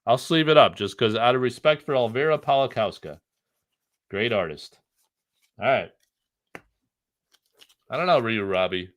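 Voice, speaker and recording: A man's voice: medium pitch, moderate pace, pauses often, fairly bright tone. A middle-aged man from the United States hosting a casual live stream, joking, rambling and reading the chat aloud.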